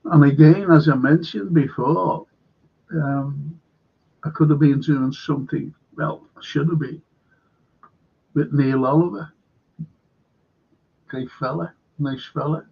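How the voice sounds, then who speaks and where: Host: gravelly, husky Liverpool man, rambling opinion talk, dull lo-fi sound, fairly high voice. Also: slow pace, pauses often. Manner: rambling, opinionated, animated when quoting others. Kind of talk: casual opinion monologue.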